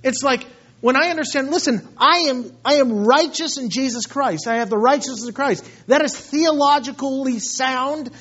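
A man preaching a sermon with passion, moving between hushed, earnest lines and loud, fervent ones. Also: extremely high pitch, moderate pace, few pauses, muffled recording. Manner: impassioned, swinging from hushed to loud. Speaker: pastor.

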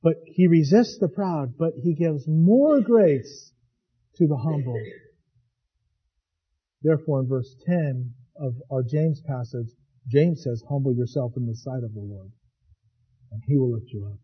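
A man preaching a sermon as pastor, swinging from hushed to loud. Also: medium pitch, unhurried, pauses often, husky, muffled recording.

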